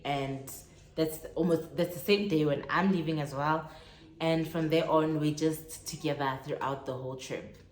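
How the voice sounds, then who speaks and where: A young South African woman telling a lively travel story in a casual vlog, acting out the dialogue as she goes. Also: deep voice, echoey room. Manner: animated storytelling, acts out dialogue. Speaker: vlogger. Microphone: phone on tripod.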